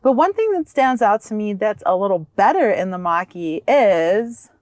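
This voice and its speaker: A woman co-hosting a car review vlog, chatting casually and excitedly, laughing easily, from inside a vehicle and beside it. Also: mid-range voice, a little slow, dry recording. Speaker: vlog co-host.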